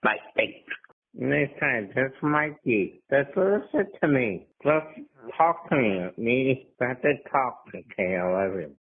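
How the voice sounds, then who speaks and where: A man's voice: mid-range voice, expressive, takes it slowly. Affectionate man on a tinny phone line. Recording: tinny phone-line audio with faint noise.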